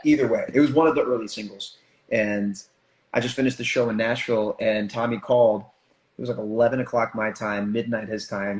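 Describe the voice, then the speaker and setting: A man chatting as an interview guest, telling stories in an animated way with quick asides. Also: fairly low pitch. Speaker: guest, stage performer. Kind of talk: casual interview chat. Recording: echoey room.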